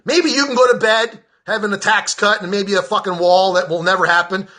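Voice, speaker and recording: An agitated American man tears into his subject in a high, bright voice. The tone is sharp and forceful, full of cursing and sarcasm. He is a veteran venting in a personal political rant. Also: steady tone, brisk. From United States. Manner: heated, profane, sarcastic.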